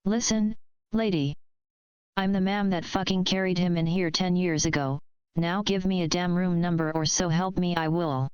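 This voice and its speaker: Woman reading a fanfic doing a young gym leader girl, tense and clipped, short temper, smooth lowish voice. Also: steady tone, normal speed, no echo, dull audio, lightly acted. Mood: hissing angry. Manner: quiet then clipped and hissing.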